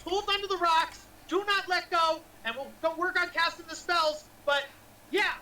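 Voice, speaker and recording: A woman voicing an old, muddled male wizard who shouts rambling warnings in a tabletop game. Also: very high voice, steady tone, normal speed, distant mic, slight background noise, pitched above the performer's own voice, poor audio. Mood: sheepish.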